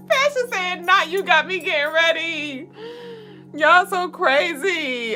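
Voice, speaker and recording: A woman's voice: sits high, animated, measured pace, sharp tone, faint music behind. A woman hosting a casual livestream, reading viewer comments and laughing often. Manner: playful, laughs often, sings along and leads the chat. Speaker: livestream co-host.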